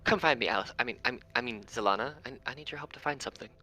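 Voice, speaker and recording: A man's voice: medium pitch, racing, sharp tone, pitched above the performer's own voice. A man doing a frantic stammering Hatter. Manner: stammering, repeats words. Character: frantic stammering limbless Mad Hatter, male.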